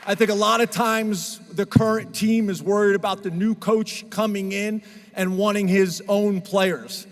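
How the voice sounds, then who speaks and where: A man's voice: high voice, fairly even intonation, measured pace, in a large hall, a little hiss or hum. A man speaking as head coach at a press conference, earnest and emotional, with frequent fillers and restarts.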